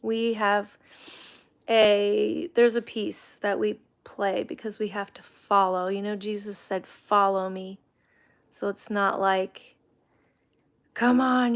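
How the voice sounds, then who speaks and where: A woman's voice: medium pitch, level tone, takes it slowly, clear, resonant tone. A middle-aged woman hosting a casual livestream chat, reading viewer comments aloud and talking about her faith. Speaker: livestream host.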